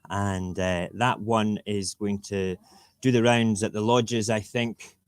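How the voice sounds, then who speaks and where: Animated man streaming from home. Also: fairly low pitch, slow pace, smooth. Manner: animated, repeats himself, reads rhyming verse with relish. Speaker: livestream host. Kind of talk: casual morning livestream chat and poem reading. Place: home dinner table, TV cartoons in the background.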